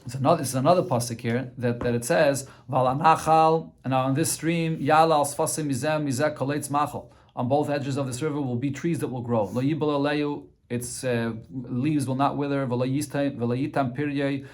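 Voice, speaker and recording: A man's voice: mid-range voice, steady tone, brisk, hardly any pauses. Guy giving a talmud lesson, reads a bit then explains, lots of restarts and little uhs. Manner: translates Aramaic phrase by phrase with frequent restarts. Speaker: Talmud teacher.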